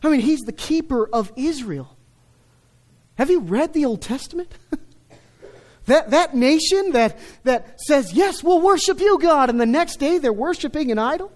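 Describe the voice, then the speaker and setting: A middle-aged man preaching a sermon, stressing key words loudly and then dropping to a hush. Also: extremely high pitch, lively intonation, unhurried. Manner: emphatic, swings between loud stresses and hushed lines. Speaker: pastor.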